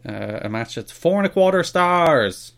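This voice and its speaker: A man's voice: on the high side, animated, a little slow, creaky, fairly bright tone. An Irish man co-hosting a podcast, chatting casually and teasing his co-host with playful banter. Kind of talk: joking casual chat.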